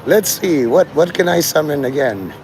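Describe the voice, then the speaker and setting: A man with a somewhat high, gravelly voice rambles through a profane, free-associating live stream. He talks straight to his chat from outdoors on a city street, with faint noise behind him. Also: lively intonation, moderate pace, darkish tone. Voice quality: gravelly, strained voice he calls his normal one. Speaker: livestreamer.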